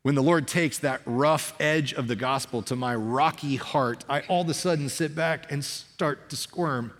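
Male pastor, mid-pitched, conversational and fired-up sermon delivery, hall reverb. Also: a little slow. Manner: energetic, conversational preaching with frequent restarts.

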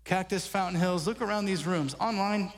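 High-voiced emphatic preaching man. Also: moderate pace. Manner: animated, emphatic preaching with rhetorical questions. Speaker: pastor. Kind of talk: sermon. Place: church sanctuary. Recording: reverberant church hall.

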